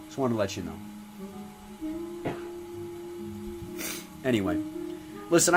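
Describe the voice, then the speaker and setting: Give me a man doing a brash, foul-mouthed New dad. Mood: ranting. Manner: profane rambling rants with animated pitch swings. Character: foul-mouthed middle-aged male restaurant regular, brash father. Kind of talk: comedy sketch character monologue.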